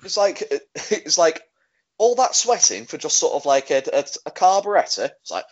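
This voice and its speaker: A man co-hosting a casual podcast, rambling with many fillers and lively quoting of scenes. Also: fairly high pitch, normal speed. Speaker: podcast co-host. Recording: dull lo-fi sound.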